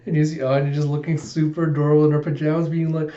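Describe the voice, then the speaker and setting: A man casually recapping a manga chapter, animated and chatty. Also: on the high side, fast talker, hardly any pauses. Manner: animated retelling, many "he's like". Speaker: manga reviewer. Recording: dull echoey room.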